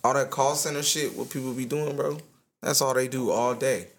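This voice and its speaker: A man's voice: mid-range voice, normal speed. A man chatting casually on a podcast, laughing often and slipping into voices as he tells stories. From United States. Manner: laughs often, animated storytelling with put-on voices. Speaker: podcast host. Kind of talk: casual chat.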